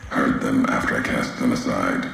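An actor playing a grim, weary wasteland courier in a video game, speaking in a raspy, deep voice with slow, clipped, terse sentences. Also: male voice, fairly bright tone, very echoey, a little hiss or hum, exaggerated voice.

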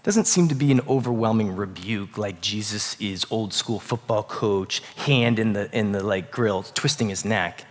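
A man preaching a sermon in a casual, conversational way, swinging between loud bursts and quiet, hushed passages. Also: on the low side, moderate pace, few pauses, big-room sound. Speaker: pastor. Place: church sanctuary.

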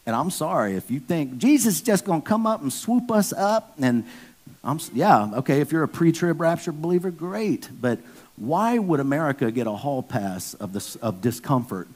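A man preaching a casual sermon to his church, blunt and conversational with slang, climbing into loud emphatic bursts. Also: mid-range voice. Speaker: pastor.

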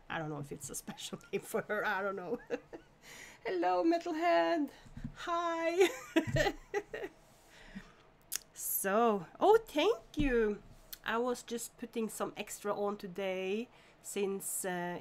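Slow-talking woman streamer. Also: medium pitch. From Norway. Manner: chatty, greets viewers by name, laughs often. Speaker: live-stream host. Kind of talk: casual live-stream chat.

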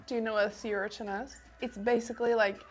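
A woman chats on a dinner date and bluntly teases her partner. Her voice sits fairly high, with faint music in the background. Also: little pitch movement, fast. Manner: teasing, blunt. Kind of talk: casual chat.

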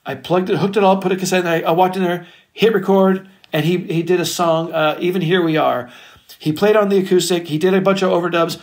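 A middle-aged record producer telling stories in an interview, animated and casual, swearing freely. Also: male voice, high voice, brisk. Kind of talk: storytelling interview chat.

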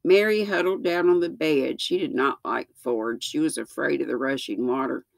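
A woman in her sixties reading a children's book aloud, slow and gentle, with small slips that she corrects. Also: rumbling low, vocal fry, no echo. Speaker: storyteller.

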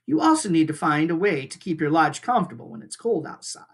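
A teacher reading aloud and voicing a grumpy, stubborn male beaver who mutters in a lower, quieter voice. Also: big pitch swings, fast talker.

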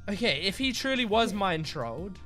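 A woman hosting a gaming channel, chatting while she plays and reasoning out loud, quick to laugh. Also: mid-range voice, big pitch swings, over music. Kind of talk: casual chat while playing a game.

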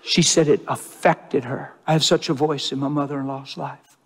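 A man's voice: mid-range voice, fairly even intonation, moderate pace, a bit bright. A man preaching a sermon with emphatic delivery, repeating phrases to drive the point home. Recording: long reverb of a large hall.

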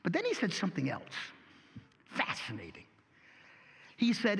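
High, animated preacher man. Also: moderate pace, creaky, long pauses, in a large hall. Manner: animated, folksy, rhetorical questions. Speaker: pastor. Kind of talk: sermon.

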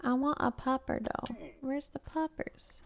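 A young woman chats her way through a game stream, her voice sitting a little high for a woman. She keeps a loose, playful patter going, reacting to chat and muttering to herself between moves. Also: fairly even intonation, measured pace. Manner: chatty, playful, talks to chat while playing. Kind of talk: casual gameplay commentary.

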